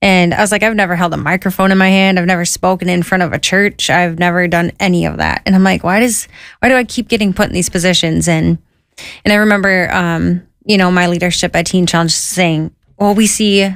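A woman with a slightly low voice tells her life story as a guest, casual and lively. She keeps slipping into quoted voices to act out what people said, full of "you know" and "I was like". The sound is dry and close. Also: a little fast, smooth, no room sound. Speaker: guest sharing her testimony.

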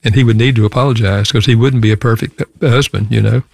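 A man's voice: mid-range voice, steady tone, quick pace, vocal fry, darkish tone, dry recording. An older man, a guest author, telling a personal story in an earnest way on a talk show. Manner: earnest storytelling, many restarts. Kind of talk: casual radio talk.

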